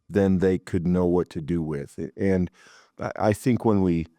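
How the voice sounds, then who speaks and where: A man discussing scripture in a Bible study, thoughtful and measured, stammering a little as he starts his phrases. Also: sits low, warm tone, no echo, clean studio sound. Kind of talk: conversational Bible teaching.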